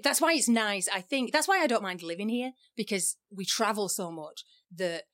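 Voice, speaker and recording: A woman's voice: mid-range voice, expressive, normal speed, fairly bright tone, dry recording, clean studio sound. A middle-aged woman with an English accent, chatting and giggling as a podcast co-host, self-mocking. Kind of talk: casual chat.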